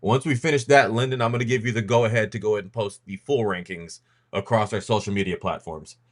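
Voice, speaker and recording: A man's voice: lowish voice, fast talker. A man hosting a casual podcast, talking loosely with lots of ums and restarts as he leads a rankings reveal.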